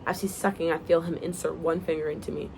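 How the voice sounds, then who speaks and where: A woman's voice: sits low, steady tone, quick pace, creaky, a little mellow, slight background noise, poor audio. Young woman reading her story aloud, chatty. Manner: giggly, chatty asides to viewers.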